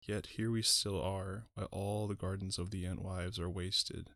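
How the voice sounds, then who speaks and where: A man voicing an ancient, sorrowful tree-giant in an audiobook, speaking slowly and deliberately in a musing way. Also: deep voice, flat delivery, vocal fry, fairly bright tone, dry recording, clean studio sound. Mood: storytelling. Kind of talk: audiobook reading.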